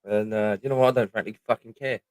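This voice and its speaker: A man's voice: lowish voice, fairly even intonation, fast, darkish tone, no echo. British bloke rambling on his stream, swears every other line, dry sound. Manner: swears freely, rambling and jokey. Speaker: livestream host. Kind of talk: casual livestream chat.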